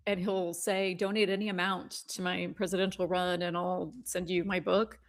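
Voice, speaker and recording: A woman's voice: fairly low pitch, little pitch movement, normal speed. A woman co-hosting a political talk show as researcher, giggly and playful. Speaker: co-host and researcher. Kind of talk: casual political news chat.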